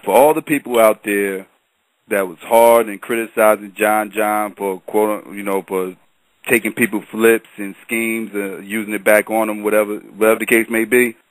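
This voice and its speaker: A man giving measured opinions in a casual panel chat, often hedging with "in my opinion.". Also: on the low side, fairly even intonation, no echo, rough recording. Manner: measured, repeats "in my personal opinion". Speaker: battle rap commentator.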